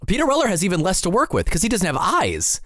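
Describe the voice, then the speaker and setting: A man's voice: sits high, huge pitch swings, fast, fairly bright tone, no room sound. A man co-hosting a podcast, recapping a film in casual chat with wry, analytical asides. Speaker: podcast co-host.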